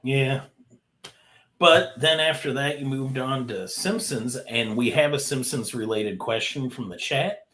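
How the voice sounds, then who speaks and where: A man hosting a casual interview, asking eager questions and reacting quickly. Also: mid-range voice, a bit bright, a little hiss or hum. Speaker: host.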